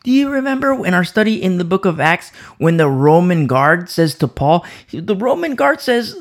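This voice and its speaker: Animated, high-voiced male Bible teacher. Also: moderate pace, few pauses. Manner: animated, repeats words and restarts often. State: sore throat, pausing to sip coffee. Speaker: preacher.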